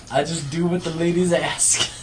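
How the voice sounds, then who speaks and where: Pria muda santai yang sering tertawa. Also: male voice, on the high side, fairly even intonation, measured pace, background noise. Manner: laid-back, laughs often. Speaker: podcast co-host. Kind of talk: casual banter.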